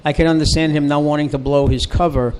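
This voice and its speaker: A male co-host on a talk show chats easily and drops in dry jokes. His voice is slightly higher than most men's. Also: fairly even intonation, fast talker, darkish tone, a little hiss or hum. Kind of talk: casual call-in show chat.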